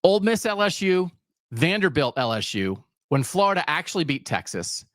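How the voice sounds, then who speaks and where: Male podcast host, sarcastic ranter, animated and a bit high, close dry sound. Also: moderate pace, no echo. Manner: sarcastic, emphatic, ranting. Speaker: sports talk podcast host. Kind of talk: solo sports rant.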